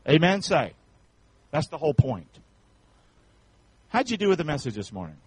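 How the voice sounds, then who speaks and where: A male pastor preaching a sermon in a folksy, colloquial way, leading the congregation in call-and-response and swinging from shouts to hushed tones. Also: on the high side, big pitch swings, moderate pace, slightly rough, dry recording, low-quality recording.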